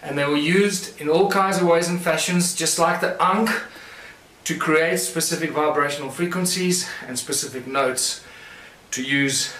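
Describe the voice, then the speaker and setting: A man's voice: fairly high pitch, measured pace, a bit bright, a little hiss or hum. A man giving a conference lecture, explaining things and pointing them out to his audience as he demonstrates. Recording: echoey room.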